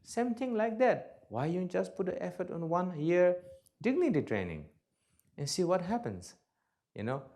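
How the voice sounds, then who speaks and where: Very animated, with a high voice at a moderate pace, a man teaches Buddhism in a dharma talk. He jokes bluntly in broken English, alternating forceful outbursts with soft side remarks.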